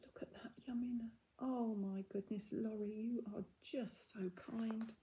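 A middle-aged woman in a casual unboxing vlog, gushing and often dropping into soft half-whispers as she reads out labels. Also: a little high, measured pace, slight background noise. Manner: reads out yarn labels in a steady list. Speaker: craft vlogger.

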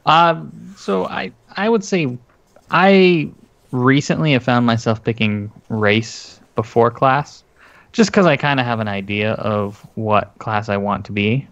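A man's voice: medium pitch, a little slow, gravelly, fairly bright tone, highs cut off. A man co-hosting a casual podcast about tabletop games, talking in a rambling, hesitant way with many fillers. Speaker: podcast co-host.

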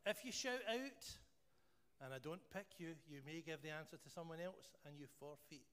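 In a church hall full of long reverb and faint background noise, a church leader with a Scottish accent prays and then hosts a playful quiz for his congregation. His voice is a little high at a normal speed, and he stays jokey and animated with the room.

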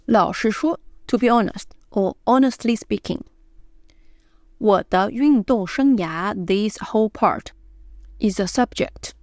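A woman teaching Mandarin pronunciation, explaining in short phrases and slowly repeating the example words. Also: medium pitch, a little mellow, no echo, studio quality. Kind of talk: pronunciation lesson.

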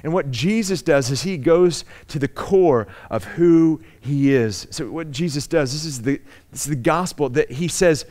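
A man preaching a sermon, telling the story with animated asides and acting out its people. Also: fairly high pitch, measured pace. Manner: conversational, frequent "right?" asides. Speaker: pastor.

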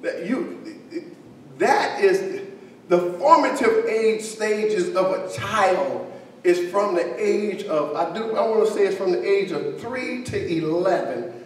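A pastor preaches a sermon slowly in a high, expressive voice, loose and conversational, pausing to joke with his congregation. A distant mic captures a big, echoing church hall with a long reverb tail and a faint hiss underneath.

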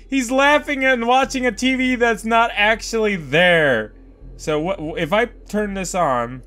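An excitable man commenting on a game as he plays, with a high, lively voice that jumps all over the place. He drawls at an unhurried pace between bursts, swears freely, and yelps when startled, with faint game music underneath. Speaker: gamer. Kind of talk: let's play commentary.

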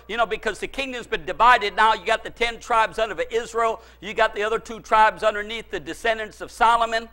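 High, bright-voiced fervent preacher man. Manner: fervent preaching with sudden shouted praise. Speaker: pastor. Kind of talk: sermon. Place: church service.

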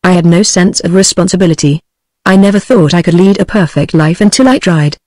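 A synthetic British female voice reading the lines of an earnest, preachy sixteen-year-old boy in an even, mechanical way. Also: lowish voice, fairly quick, dry recording, close to an everyday voice. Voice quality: even, mechanical text-to-speech delivery.

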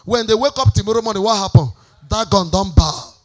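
A woman pastor leading a church sermon, shouting prayer declarations for the congregation to repeat and then dropping to a quieter preaching voice. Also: medium pitch, a little fast. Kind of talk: sermon with call-and-response prayer.

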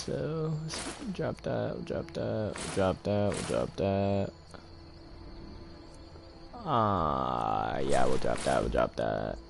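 A man's voice: on the low side, creaky. A young man giving laid-back, chatty gameplay commentary and talking to his viewers. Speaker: gaming host.

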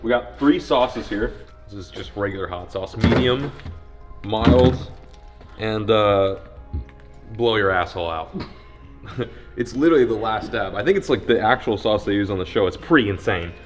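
A young man hosts a fishing vlog outdoors, cracking crude jokes in a loose, casual way. His voice sits a little low, with light music playing under it. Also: normal speed. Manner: joking, crude, hype outro. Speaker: fishing channel host.

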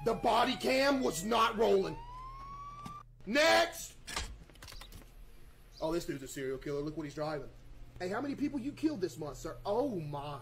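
A man streaming games to a live chat, barking loud commands and then muttering low asides to his viewers. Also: big pitch swings, moderate pace, creaky, pauses often, a little hiss or hum. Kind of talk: live game-stream chatter.

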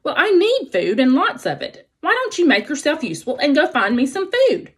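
A woman's voice: sits high, very animated, moderate pace, pitched above the performer's own voice. A woman voicing a sly, hungry male fox who talks with scorn in a storybook reading. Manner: growling, scornful.

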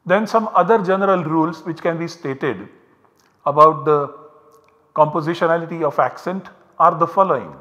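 A man's voice: fairly high pitch, moderate pace, pushed and bright, highs cut off. Man lecturing in a reverberant hall. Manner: methodical, explains step by step. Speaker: university lecturer. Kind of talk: recorded academic lecture.

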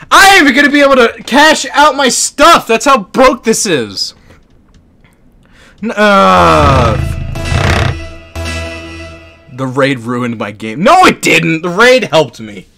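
A man streaming a car game, joking and yelling at the game as he plays. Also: high-pitched, creaky, faint music behind. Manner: joking, animated, quick to laugh and yell at the game. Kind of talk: casual gaming stream commentary.

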